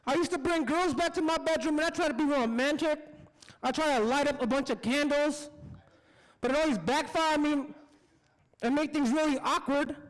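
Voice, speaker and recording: Very high-voiced laid-back male comic. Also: big-room sound, rough recording. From San Francisco, US. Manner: laid-back, addresses crowd as "guys". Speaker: stand-up comedian. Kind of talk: stand-up set. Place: outdoor city plaza stage.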